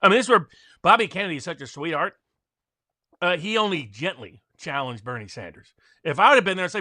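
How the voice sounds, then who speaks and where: Forceful, bright-voiced man ranting. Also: sits high, animated, fast, no echo. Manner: forceful, ranting, mocking quotes. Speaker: constitutional attorney, co-host. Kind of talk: animated political commentary.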